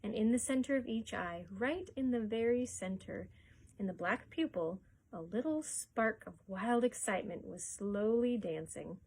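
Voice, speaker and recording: A woman reading a chapter book aloud for a library story time, expressive and lively, chuckling along. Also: mid-range voice, moderate pace.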